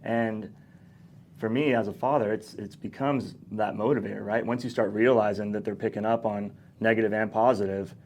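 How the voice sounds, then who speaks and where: A man hosting a casual podcast conversation, speaking earnestly and backing up his guest with steady agreement. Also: fairly low pitch, moderate pace, slight background noise. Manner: earnest, frequent affirming interjections. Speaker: podcast host.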